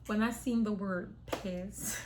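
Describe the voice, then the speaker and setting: A young adult woman telling a personal story to camera in casual chat, animated and acting out what she and others said. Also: mid-range voice, slow, slight background noise. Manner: animated, acts out quotes of herself and her sister. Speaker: vlogger.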